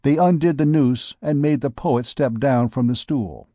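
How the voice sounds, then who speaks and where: A man reading a classic novel aloud as an audiobook narrator, measured and deliberate. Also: mid-range voice, mellow, no echo, clean studio sound. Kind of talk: scripted narration.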